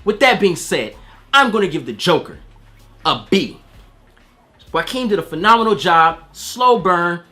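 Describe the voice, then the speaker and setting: A man's voice: high voice, pushed and bright. A man giving a casual spoiler movie review, slangy and profane, acting out quoted voices.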